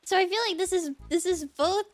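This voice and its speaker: A woman's voice: extremely high pitch, normal speed. A woman streamer chatting casually with her viewers, giggling a lot and apologizing often. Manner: giggly, keeps laughing and apologizing. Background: faint game music.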